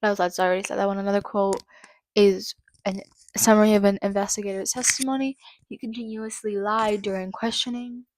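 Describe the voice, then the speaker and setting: A woman hosting her own channel, reading out trial quotes haltingly and breaking into angry, swearing commentary. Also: mid-range voice, steady tone, a little mellow, a little hiss or hum. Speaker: channel host. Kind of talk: true-crime commentary.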